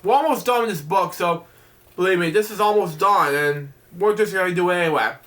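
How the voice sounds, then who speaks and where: Reading a bedtime picture book aloud, a man with a high, bright voice stumbles over words and restarts lines. He keeps pausing to make loose, offhand chatty comments about the story.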